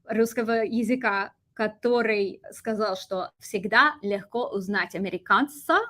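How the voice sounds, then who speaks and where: A young American woman with a lively, animated delivery, teaching a Russian vocabulary lesson and switching between English and Russian. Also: medium pitch, moderate pace. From United States.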